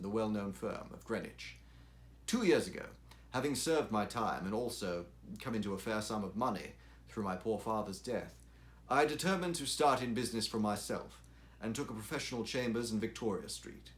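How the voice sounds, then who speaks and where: A man's voice: on the low side, lightly acted. A man reading the part of a young, struggling engineer who tells his story earnestly and lifts his voice when he replies.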